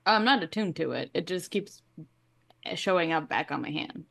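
A woman's voice: on the low side, expressive, normal speed, gravelly, fairly bright tone. A woman playing a character in a tabletop game, speaking plainly and casually. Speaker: player.

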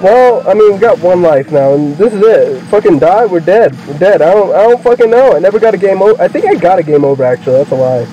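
High, lively young man swearing at a game. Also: fast talker, few pauses. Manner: excitable, swears constantly, yells at the game. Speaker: gaming video creator. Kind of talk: let's play commentary. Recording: muffled lo-fi mic with game music. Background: game music.

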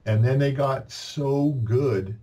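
A man's voice: mid-range voice, slow pace. A Canadian-born man, a podcast guest, telling long casual stories with lots of restarts and quoted dialogue. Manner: rambling, many restarts, animated quoting. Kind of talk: casual storytelling.

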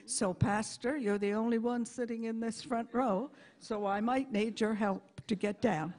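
An older woman giving a personal testimony in church, folksy and heartfelt, with halting restarts. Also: a little high, fairly even intonation, darkish tone.

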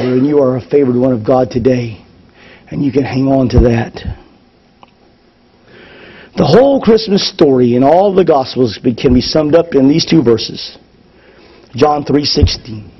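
Husky-voiced preacher giving a sermon. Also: male voice, medium pitch, lo-fi sound. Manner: passionate preaching, swings from loud to hushed. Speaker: pastor. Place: church service.

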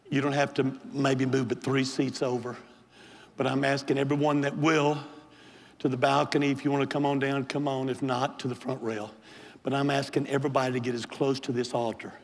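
An older man, a bishop, preaching an impassioned Pentecostal sermon and altar call in a large church sanctuary. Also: mid-range voice. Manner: impassioned, pleading preacher who builds to hollering. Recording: long hall reverb in a big church.

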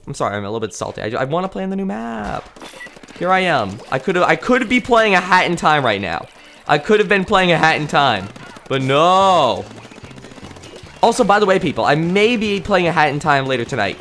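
Young man, streamer, excitable, animated pitch, chatty, faint background music. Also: brisk. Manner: excitable, yelps and pops off at kills; chatty, talks to chat between plays. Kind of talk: live gameplay commentary.

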